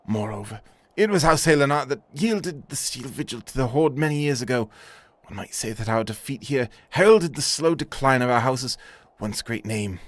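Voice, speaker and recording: A man's voice: medium pitch, lively intonation, moderate pace, no echo, voice pushed up, lightly acted. A man reading as a despairing young nobleman in a game. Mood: solemn. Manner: formal, old-fashioned speech.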